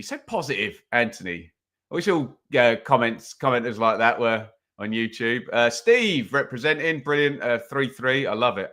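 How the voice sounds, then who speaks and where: A man hosts a live football watch-along from a home streaming setup, talking into a desk microphone. His voice is bright and forward, and his pitch sits in a middle range. He chats loosely, reads out viewer comments and drifts into casual play-by-play.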